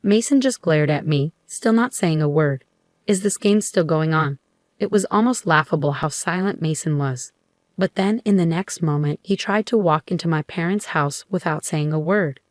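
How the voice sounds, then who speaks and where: A woman's voice: fairly low pitch, normal speed, no room sound, clean studio sound. Woman narrating a first-person story.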